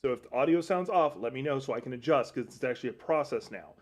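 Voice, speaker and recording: Guy streaming at his desk, rambly and self-mocking, mid-pitch voice, tosses in silly jokes. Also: expressive, fast. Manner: jokey asides. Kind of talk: casual livestream chat. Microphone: desk mic at computer setup.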